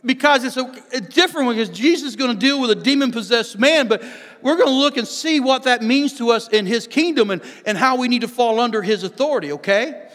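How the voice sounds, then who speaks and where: Man pastor, very high voice, earnest sermon with restarts, church hall reverb. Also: lively intonation, fast, a bit bright. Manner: earnest preaching with frequent restarts, reads scripture aloud. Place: church sanctuary. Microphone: microphone on stage.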